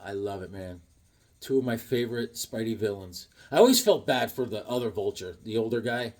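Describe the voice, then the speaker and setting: A middle-aged man chatting casually as he shows off his comic books, telling stories in a lively way and laughing often. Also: on the low side, a little fast. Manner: animated storyteller, laughs often, acts out voices. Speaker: comic book collector vlogger. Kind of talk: casual chat showing comics.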